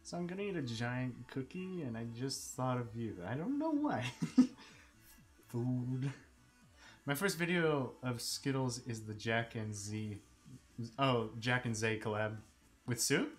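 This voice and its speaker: A man's voice: medium pitch, measured pace, soft background music. A man chatting casually on a live stream while he sketches. He laughs often and slips into silly voices.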